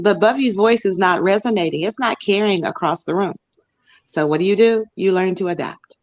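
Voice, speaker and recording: A woman's voice: lowish voice, moderate pace, highs cut off. An American woman on a podcast panel, arguing her case and explaining in numbered points. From United States. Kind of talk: heated panel discussion.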